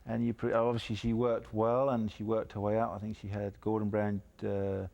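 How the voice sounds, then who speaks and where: A man appearing as a guest on a call-in golf show, chatting casually and telling lively anecdotes. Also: on the low side, normal speed, vocal fry, lo-fi sound. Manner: animated storyteller, chuckles through anecdotes. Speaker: guest golfer. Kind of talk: casual chat.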